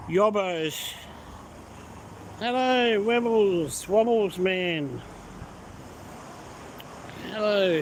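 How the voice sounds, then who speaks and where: A man's voice: sits high, rough recording. A man chatting with live viewers while he drives, greeting them by name and answering their comments. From Australia. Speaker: live-stream host. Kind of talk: casual live-stream chat while driving. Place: inside a car on city streets. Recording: car road noise behind the voice.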